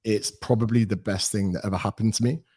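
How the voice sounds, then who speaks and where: A man's voice: fairly low pitch, quick pace, slightly rough. A British man in his thirties, a personal trainer talking as a podcast guest, telling stories and acting out quoted dialogue. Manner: animated storyteller, acts out quoted dialogue. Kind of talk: casual podcast interview.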